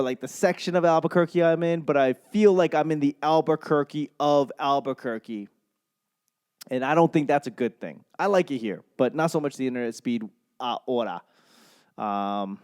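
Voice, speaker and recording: A young Boston man with a medium-pitched, slightly mellow, clean voice hosts his solo stand-up comedy podcast. He rambles casually, swears a lot, and keeps losing his train of thought.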